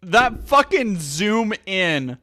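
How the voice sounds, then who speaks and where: A male streamer riffing on clips in a loose, sarcastic way, swearing freely. His voice is bright and fairly high for a man, and it swings up and down a lot as he gets worked up. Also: very slow. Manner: animated, sarcastic, profane. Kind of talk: casual commentary on clips.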